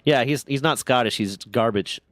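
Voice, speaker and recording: A man's voice: mid-range voice, moderate pace, a crowd in the background. A man from the United States chatting casually on a stream, joking crudely and swearing freely. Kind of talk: casual chat.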